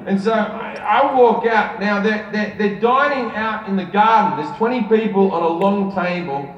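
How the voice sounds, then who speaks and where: A man's voice: high voice, normal speed, muffled recording. A man doing stand-up, telling a long story in a conversational, swearing style, recorded live on a large arena stage. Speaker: stand-up comedian. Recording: distant, echoey arena with loud crowd laughter. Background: crowd laughter.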